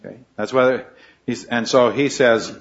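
A man's voice: mid-range voice, moderate pace. A man leading a Bible study class, asking questions and repeating the students' answers. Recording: slightly dull recording.

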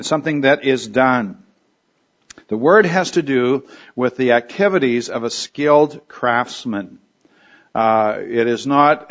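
A man giving a conversational expository sermon, thinking aloud with restarts and fillers as he explains a verse. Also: mid-range voice. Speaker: preacher. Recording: dull lo-fi recording.

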